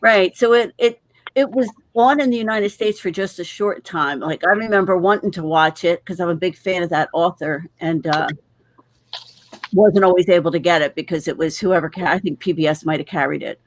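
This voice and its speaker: A woman's voice: lowish voice, fairly quick, a little hiss or hum. A woman co-hosting a casual online show, telling a rambling, chatty story. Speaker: co-host. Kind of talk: casual chat.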